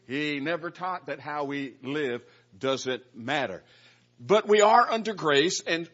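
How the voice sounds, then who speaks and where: A man's voice: on the high side, breathy edge. A man preaching a Bible-study sermon in an earnest, emphatic way, often repeating words as he goes. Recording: muffled lo-fi recording.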